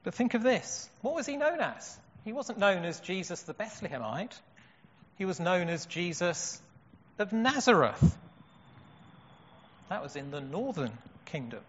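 A man's voice: sits high, big pitch swings, measured pace, breathy edge. A man preaching a sermon in an earnest way, asking rhetorical questions. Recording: dull echoey hall.

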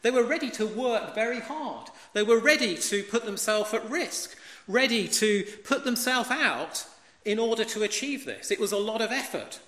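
Guy preaching, high voice, big roomy echo, keeps asking rhetorical questions. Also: lively intonation, normal speed, sharp tone. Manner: emphatic, asks rhetorical questions. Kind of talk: sermon. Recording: echoey hall with long reverb.

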